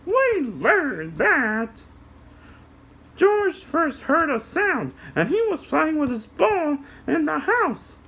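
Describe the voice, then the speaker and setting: A man voicing a cheerful little puppy dog puppet in a squeaky, sing-song voice, eagerly answering questions about a story. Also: big pitch swings, takes it slowly, gravelly, bright, forceful tone, heavily acted.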